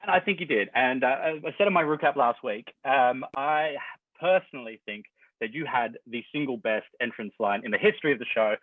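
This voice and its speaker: Enthusiastic Australian interviewer on tinny line. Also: male voice, mid-range voice, dry recording. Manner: enthusiastic, swears casually. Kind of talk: casual interview questions. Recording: tinny phone-like sound.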